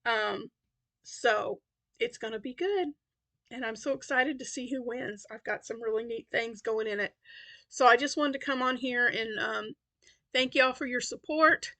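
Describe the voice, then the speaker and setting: A tired woman chats about her crochet projects, wandering from thought to thought with plenty of ums. Her voice sits a little high and sounds bright and clear. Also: a little slow. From Tennessee. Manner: rambling, many fillers and restarts. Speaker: crochet vlogger. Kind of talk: casual chat.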